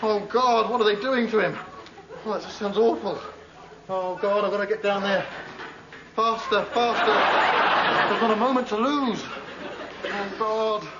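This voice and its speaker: An actor playing a cowardly man who frets aloud about rushing to help someone. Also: high-pitched, steady tone, a loud crowd. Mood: fretful. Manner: fretful, breathless self-talk. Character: cowardly man dithering over a rescue. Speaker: sketch performer. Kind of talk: comic monologue before a live audience. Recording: dull echoey recording with loud noise.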